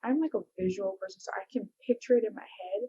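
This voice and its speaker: A young woman reacting to a video, talking with a lot of feeling, often exclaiming and dropping into hushed whispers. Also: mid-range voice, lively intonation, fast talker, slightly rough. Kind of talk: emotional reaction commentary. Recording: dull lo-fi recording.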